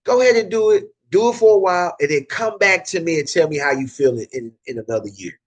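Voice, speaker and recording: A man's voice: high voice, expressive, quick pace, husky. Emphatic Southern man, repeating himself. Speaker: car detailing business owner. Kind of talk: casual advice talk to camera.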